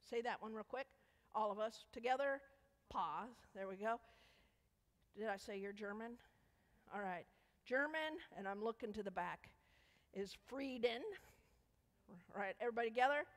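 A woman leading a children's sermon in a church, coaxing the kids with playful questions. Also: a little high. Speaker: children's message leader. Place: church sanctuary. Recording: echoey church hall.

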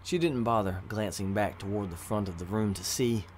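Low-voiced man reading a fantasy story. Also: normal speed, a little hiss or hum. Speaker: narrator. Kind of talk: audiobook narration of fantasy fiction.

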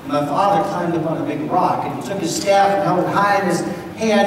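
A man's voice: high-pitched, brisk, crowd noise. A man telling a first-person dramatic monologue to children in a church, talking straight to them and building suspense. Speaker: church storyteller. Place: large church sanctuary. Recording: echoey church hall, distant mic, background noise.

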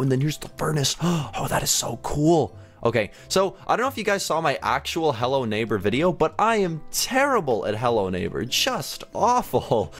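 A young man hosting a gaming channel, giving excitable, rambling gameplay commentary with frequent laughs and gasps. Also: mid-range voice.

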